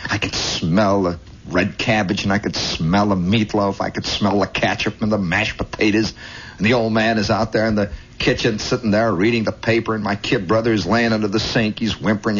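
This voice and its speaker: A man hosting a radio show, telling a long improvised story with many asides, shifting between hushed and excited, on an old lo-fi recording. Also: lowish voice, slight background noise. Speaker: radio host. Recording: dull lo-fi 1960s radio.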